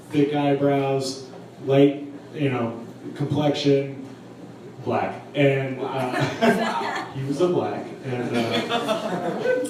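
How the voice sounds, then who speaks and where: A young man with a somewhat high voice does stand-up on a comedy club stage, telling a crude, profane, rambling story that draws laughs from a live crowd. Heard from a distance in a very echoey room, the recording carries crowd ambience and background noise.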